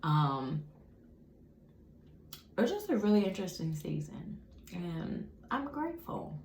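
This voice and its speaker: A young woman chatting casually to her viewers while eating, animated and often laughing. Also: fairly low pitch, slow pace. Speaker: vlogger. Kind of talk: casual mukbang chat. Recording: echoey room.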